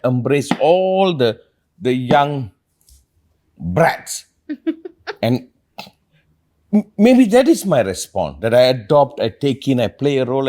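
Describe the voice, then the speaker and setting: A man's voice: medium pitch, darkish tone. A man, a spiritual teacher, talking earnestly in a reflective conversation and asking probing questions.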